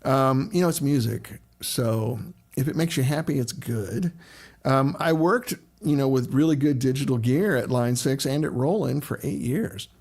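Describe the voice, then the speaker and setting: A man's voice: medium pitch, moderate pace, darkish tone. A middle-aged man hosting a casual livestream, chatting loosely and greeting viewers by name as he answers their questions.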